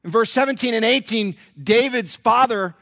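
A man preaching a sermon, telling a story with lively acted-out voices. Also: very high voice, moderate pace, creaky, dry recording, studio quality. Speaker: pastor.

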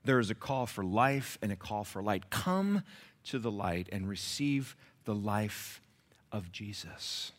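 A male pastor preaching a sermon, telling stories with lively swings from shouts to hushed whispers. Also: fairly low pitch, unhurried.

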